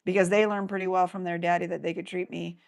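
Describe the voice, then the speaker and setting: Earnest woman with a gravelly voice. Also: lowish voice, little pitch movement, fast. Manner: earnest, reflective storytelling. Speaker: guest, life coach. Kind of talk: casual interview talk.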